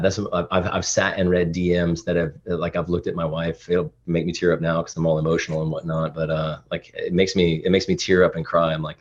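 A man's voice: sits low, lo-fi sound. A man in his thirties, a podcast guest, talking earnestly and emotionally in casual interview chat, often restarting his sentences. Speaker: podcast guest, dad influencer.

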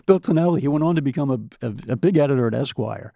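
Gravelly older man telling stories. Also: mid-range voice, quick pace, no room sound, dull audio. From United States. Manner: lively storyteller who acts out quoted voices and repeats words. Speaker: podcast guest. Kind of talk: anecdotal storytelling.

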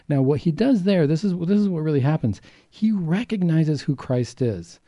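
A man's voice: a little high, expressive, normal speed, warm tone, no room sound, clean studio sound. A man, a doctor co-hosting a faith talk show, explaining earnestly and acting out the voices he quotes. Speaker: doctor and co-host.

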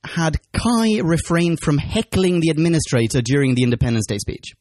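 A man's voice: fairly high pitch, sing-song, moderate pace, a little mellow, dry recording, clean studio sound. A man co-hosting a casual podcast chat, asking questions, laughing often and restarting his sentences. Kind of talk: casual chat about a TV serial.

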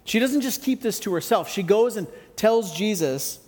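A man preaching a sermon in a conversational, reflective way with gentle humor. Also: sits high, expressive, moderate pace, few pauses, long reverb tail. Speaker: pastor.

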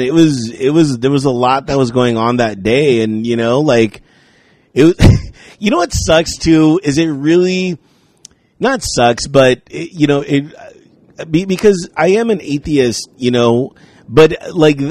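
A man telling a story in casual chat, animated and swearing, acting out what people said to him. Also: mid-range voice, no room sound.

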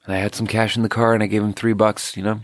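A man's voice: fairly low pitch, flat delivery, quick pace, no echo. Rambling man from Sweden, dry close mic. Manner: casual, meandering, lots of "like". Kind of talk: rambling solo monologue.

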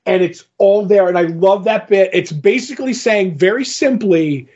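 High-voiced man retelling a comic. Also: a little mellow, muffled recording. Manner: retells scenes with quick voiced quotes. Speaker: podcast co-host. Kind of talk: casual chat recapping a comic.

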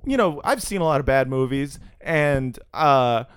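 A man hosting a comedy podcast, chatting casually, laughing and riffing with animated energy. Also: mid-range voice, a little hiss or hum. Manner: animated, laughing, quick to riff and do voices.

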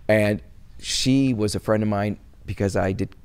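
Speaking a little slowly, this Wisconsin man in middle age has a lowish, clear, resonant voice. He chats casually as an interview guest, wandering with frequent restarts and growing gentle when memories of loss come up.

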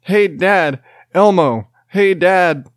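A man's voice: high-pitched, very slow, dry recording, clean studio sound, voice pushed up. A man putting on the voice of his stubborn toddler son, whiny and demanding. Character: stubborn little boy, a toddler, who refuses naps.

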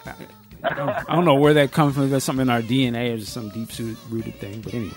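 A man's voice: mid-range voice, steady tone, fast talker, a little mellow, soft background music. A man from the United States hosting a podcast, talking in a loose, rambling way with many fillers. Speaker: podcast host. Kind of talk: casual chat.

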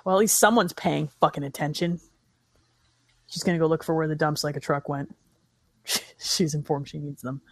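This movie riff co-host swears her way through a film with a friend, making sarcastic running commentary and mocking it casually. Her voice sits low with fairly even intonation, a moderate pace, and frequent pauses. The audio has no echo.

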